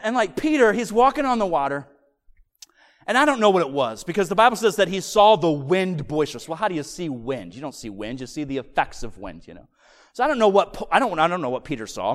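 A man delivers a sermon with animated, emphatic storytelling, slowing down to hammer key lines. His voice sits high for a man. A long reverb from the church hall follows every phrase. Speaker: preacher.

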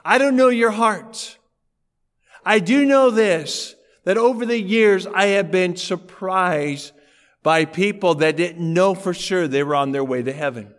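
A man's voice: high voice, measured pace, big-room sound. A male pastor preaching a sermon in a church auditorium, talking in a conversational way and telling anecdotes.

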